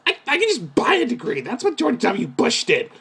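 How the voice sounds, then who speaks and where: Man doing a shrill bratty boy. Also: huge pitch swings, moderate pace, vocal fry, breathy edge, full character voice. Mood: cheeky. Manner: shrill, yelling, mocking. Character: bratty shouting boy, defiant and cheeky.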